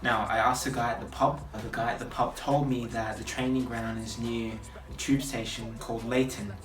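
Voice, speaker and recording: A man's voice: mid-range voice, little pitch movement, moderate pace, a bit bright, slight background noise. Young man vlogging in a roomy hotel room. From Australia. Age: 20s. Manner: thinking aloud, chatty and hopeful. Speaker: footballer vlogger. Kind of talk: casual vlog talk to camera. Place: hotel room at night, indoors. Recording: roomy, distant camera audio with music.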